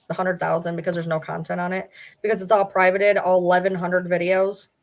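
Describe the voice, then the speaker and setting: A woman's voice: lowish voice, level tone, a little fast. A middle-aged woman hosting her own vlog, talking casually and ranting at viewers in an indignant, sarcastic, challenging way. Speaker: channel host.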